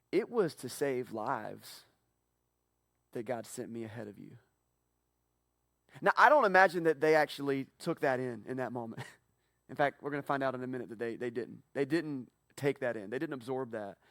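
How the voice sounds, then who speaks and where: A man preaching a sermon as pastor, telling the story with animated swings from hushed to loud. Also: mid-range voice, no echo, studio quality.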